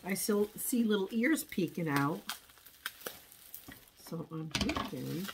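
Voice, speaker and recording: A woman's voice: fairly low pitch, lively intonation, takes it slowly, slight background noise, poor audio. A woman vlogger chatting casually while unboxing thrift packages, rambling and restarting her thoughts.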